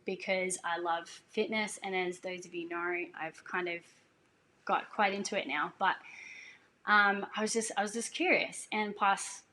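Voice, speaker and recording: A woman's voice: medium pitch, steady tone, unhurried, pushed and bright, a little hiss or hum. A woman telling a personal faith story in a casual way, earnest and emotional, laughing now and then. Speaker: singer sharing a testimony.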